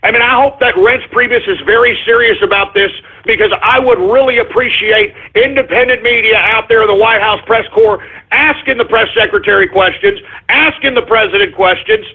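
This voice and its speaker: A man doing a talk radio host's angry, profane rant, in a high-pitched, husky voice. The sound is thin and phone-like, as if heard over a cheap line. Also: normal speed.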